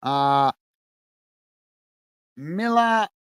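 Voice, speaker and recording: A man's voice: on the high side, animated, very slow, a bit bright, smooth, no room sound. A man hosting a live football watch-along, describing play and chatting with viewers, calling them mate. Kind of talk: live match commentary and chat with viewers.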